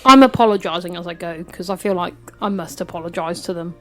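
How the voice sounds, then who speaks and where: A woman's voice: lowish voice, fast, faint music behind. A woman playing a tabletop role-playing game, chatty with an apologetic, joking manner. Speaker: player. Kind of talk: tabletop role-play chat.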